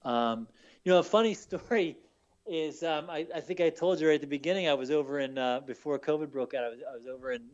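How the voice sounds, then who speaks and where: A Baltimore man, an author guest on a radio interview, tells stories casually with many fillers and repeated words. His voice is on the high side and darkish in tone, he talks quickly, and the sound is lo-fi.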